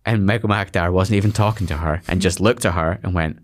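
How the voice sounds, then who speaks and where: Scottish male comedian guest, lower voice, rambling anecdotal chatter. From Scotland. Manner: rambling storyteller with quick restarts. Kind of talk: casual anecdotal chat.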